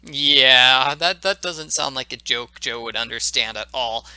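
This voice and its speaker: A man's voice: mid-range voice, a little slow, pushed and bright, smooth, no room sound. A man giving casual walkthrough commentary on a game, rambling and often stumbling over and repeating words. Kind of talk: casual let's-play commentary.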